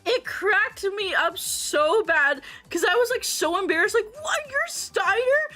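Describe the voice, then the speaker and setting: A woman streamer chatting casually to her livestream audience, animated and excitable, swearing freely and laughing often. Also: extremely high pitch, measured pace, soft background music. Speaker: VTuber streamer.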